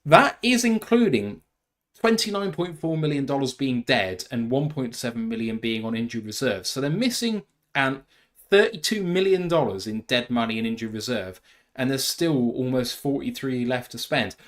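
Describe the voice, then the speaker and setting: A man's voice: mid-range voice, lively intonation, normal speed. A British man hosting a sports podcast, giving information and reading out facts and figures. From United Kingdom. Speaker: podcast host. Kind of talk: casual sports podcast chat.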